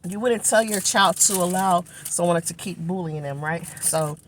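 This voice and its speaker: A woman telling viewers an animated storytime in a casual vlog. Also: lowish voice, moderate pace, a little hiss or hum. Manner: animated, talking straight to viewers. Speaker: vlogger.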